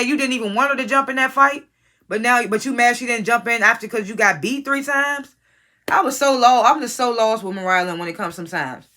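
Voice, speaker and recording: A woman's voice: on the high side, sharp tone. A woman giving a casual, profane recap of a reality show. She is blunt and opinionated and talks straight to the cast members she is judging. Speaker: reality TV reviewer.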